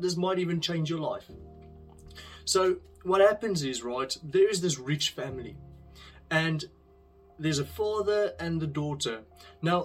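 A man giving an earnest, conversational devotional talk, telling a parable and then drawing a lesson from it. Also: fairly high pitch. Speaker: speaker sharing a devotional message.

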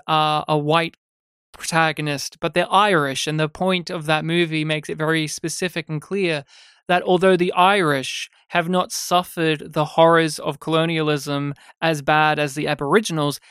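Smooth-voiced man, animated film chat. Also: on the high side, dry recording, studio quality. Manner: animated, sweary, acts out scenes in quoted voices. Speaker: podcast co-host. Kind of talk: casual film review chat.

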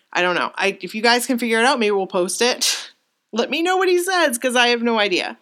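A young woman chatting as a co-host, her slightly high voice spilling out an emotional story. She rambles, restarts and leans on fillers as she gets worked up. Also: a little fast. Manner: excited, rambling, emotional retelling with many fillers. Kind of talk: casual chat.

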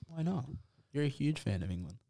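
A man's voice: medium pitch, sing-song, a little fast, vocal fry, mellow. A young man, co-hosting a podcast in casual chat, rambling through stories and laughing often. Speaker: podcast co-host.

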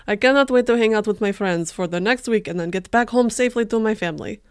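A woman's voice: mid-range voice, quick pace, clear, resonant tone, dry recording, lightly acted. Woman playing a cheeky male hiker, put-on Russian accent, smug and mock-earnest, dry close sound.

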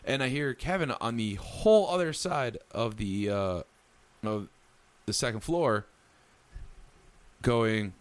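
A man telling a story in casual chat, animated and acting out the lines he quotes. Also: medium pitch, a little slow, long pauses. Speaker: storyteller recounting a ghost encounter.

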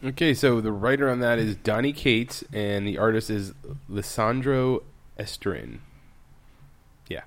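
A man's voice: lowish voice, unhurried. Man hosting a casual chat. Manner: friendly questions, credits the creators. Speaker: host.

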